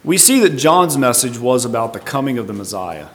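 Thoughtful preacher in a reverberant hall. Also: male voice, medium pitch, sing-song, fairly quick. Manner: thoughtful, tentative, explaining verse by verse. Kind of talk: Bible teaching sermon. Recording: long reverb.

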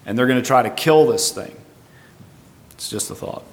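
Thoughtful preacher in a reverberant hall. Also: male voice, mid-range voice, moderate pace. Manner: thoughtful, tentative, explaining verse by verse. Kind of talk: Bible teaching sermon. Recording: long reverb.

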